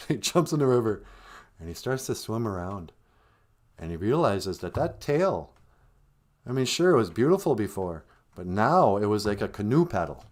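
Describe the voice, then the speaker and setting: A man with a fairly low voice tells a traditional story as the podcast host. He is casual and animated, speaks to his listeners directly, and often laughs. His pitch swings widely through the telling. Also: moderate pace. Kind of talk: live-streamed oral storytelling.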